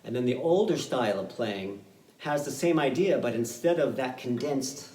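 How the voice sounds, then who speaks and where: A man's voice: medium pitch, loud music behind the voice. Man teaching fiddle on a video call. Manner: relaxed, halting explanations with many fillers, demonstrating on fiddle. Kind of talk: online music workshop. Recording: roomy sound, mic at a distance, loud fiddle playing.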